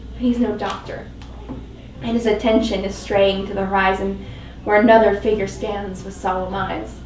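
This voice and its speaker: A woman's voice: on the high side, slight background noise. A woman giving a dramatic, emotionally intense live reading of first-person fiction at a live event. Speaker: fiction reader. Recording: echoey live venue, mic at a distance.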